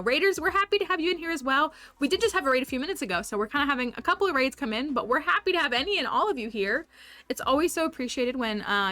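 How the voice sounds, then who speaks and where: A woman's voice: high voice, pushed and bright, no room sound. A woman livestreaming a game, chatting upbeat with her viewers and laughing often. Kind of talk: casual livestream chat with viewers.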